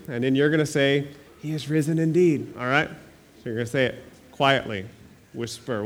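A male pastor preaching an Easter sermon and leading his congregation in lively call and response. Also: mid-range voice.

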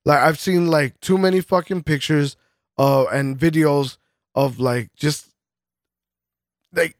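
On a casual podcast, a male co-host with a higher-pitched voice swears constantly and rants heatedly, punctuating it with bursts of laughter. It's a clean studio recording without any room sound.

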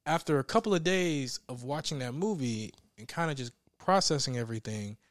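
A man's voice: mid-range voice, brisk, dry recording. Guy telling stories on a podcast, laughing a lot, voice jumping all over, dry sound. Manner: animated, laughs often, loud mimicking outbursts. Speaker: podcast co-host. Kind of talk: casual chat, storytelling.

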